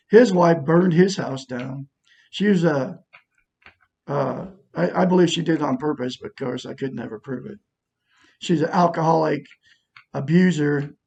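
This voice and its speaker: A middle-aged vlogger with a fairly high, gravelly, husky voice tells a long personal story in a casual monologue. He rambles in an aggrieved tone and keeps restarting his sentences.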